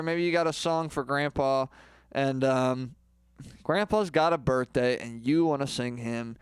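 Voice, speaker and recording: A man's voice: mid-range voice, clear, resonant tone, no echo, clean studio sound. A man posing as a rock star singing teacher, rambling in a boastful, crude way through a comedic lesson.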